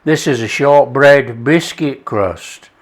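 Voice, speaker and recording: A man's voice: medium pitch, takes it slowly. A man hosting a cooking show, talking through a recipe in jokey, chatty patter. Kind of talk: casual cooking demonstration.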